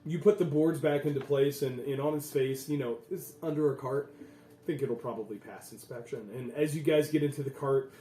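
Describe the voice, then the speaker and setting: A man running a tabletop game as game master, narrating in a relaxed way with many fillers. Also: medium pitch, a little fast, slight background noise. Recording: echoey room, voice from far off.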